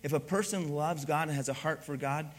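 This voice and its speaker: A middle-aged man preaching a sermon as pastor, telling stories with lively acted-out dialogue. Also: fairly high pitch, brisk. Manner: animated storytelling, acts out dialogue.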